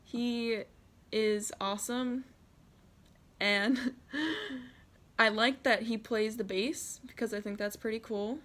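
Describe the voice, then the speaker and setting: A woman's voice: a little high, steady tone, slow pace, long pauses, fairly bright tone. Casual teen vlogger, American girl, reads out questions and answers them. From United States. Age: teens. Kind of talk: casual Q&A tag video.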